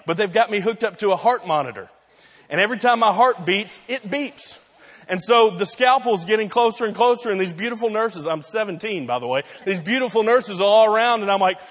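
A pastor with a high-pitched, slightly bright voice preaches a sermon full of stories, acting out the voices whenever he quotes someone. A long reverb tail follows his words.

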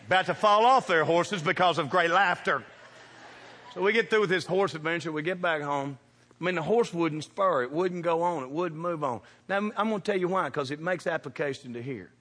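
A man preaching a sermon, telling funny stories with animated shouts and laughter. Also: sits high. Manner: animated, shouting bursts, laughing through punchlines. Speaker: pastor. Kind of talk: humorous storytelling sermon. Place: church sanctuary. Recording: reverberant church hall.

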